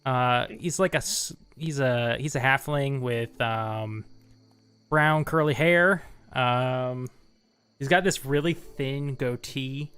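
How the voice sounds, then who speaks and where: A man running a tabletop game as game master, narrating loosely with frequent pauses and fillers. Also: mid-range voice, fairly bright tone, smooth. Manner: loose, hesitant, with many fillers.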